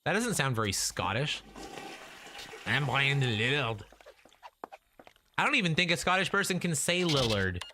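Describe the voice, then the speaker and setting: Man, thirties, chatty game streamer talking to his characters, lively up-and-down delivery, noisy stream audio. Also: fairly high pitch, fast talker, few pauses. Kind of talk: casual gameplay commentary. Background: game sounds.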